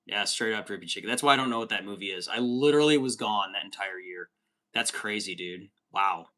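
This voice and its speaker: A man's voice: lowish voice, fairly quick, sharp tone. A man in his thirties hosting a livestream, chatting casually and swearing often while reading out chat comments. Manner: profane, rambling, says dude a lot.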